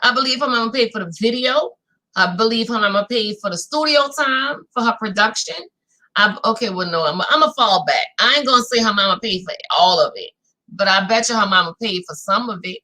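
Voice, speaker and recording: A New Orleans woman, voice a little high and pace fairly quick, gives her viewers a casual rundown of a reality show in a New Orleans accent. The Louisiana recap host is chatty and animated and keeps saying "y'all."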